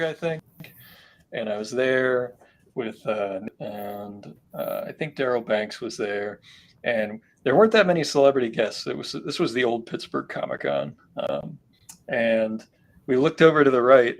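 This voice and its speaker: Rambling middle-aged man telling stories. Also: mid-range voice. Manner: rambling anecdotes with many fillers. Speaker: artist on a live stream. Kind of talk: casual chat.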